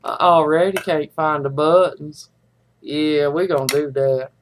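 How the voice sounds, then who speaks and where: A woman's voice: low-pitched, fairly even intonation, unhurried, slight background noise. A middle-aged woman, chatting in a folksy, rambling way to viewers of her live stream. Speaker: livestream host. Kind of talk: casual chat with live viewers.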